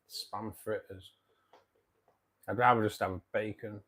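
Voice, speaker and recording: A man's voice: on the low side, steady tone, slow pace, fairly bright tone, husky. A British man hosting a live stream, chatting in a matey, casual way, swearing now and then and often chuckling. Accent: British English. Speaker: live-stream host reading viewer comments.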